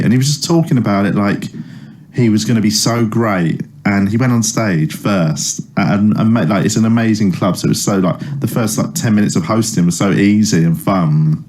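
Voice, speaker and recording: A man's voice: lowish voice, normal speed, a little mellow. A comedian in his thirties, a man chatting casually in an interview, telling stories with lots of fillers and restarts. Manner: rambling storyteller with many fillers and restarts. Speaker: comedian guest. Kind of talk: casual anecdotal chat.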